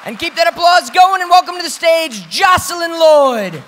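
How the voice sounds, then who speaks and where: High-voiced slam emcee calling scores. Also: male voice, lively intonation, moderate pace. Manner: loud, announces scores to the crowd. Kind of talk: live event hosting. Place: ballroom event with audience. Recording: live hall with crowd noise.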